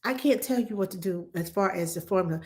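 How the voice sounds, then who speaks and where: Woman hosting a casual live Q&A as a nanny. She talks animatedly and conversationally, uses plenty of fillers and restarts, and repeats key points for emphasis. She breaks into quick playful voices when she quotes someone. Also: medium pitch. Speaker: nanny answering viewer questions.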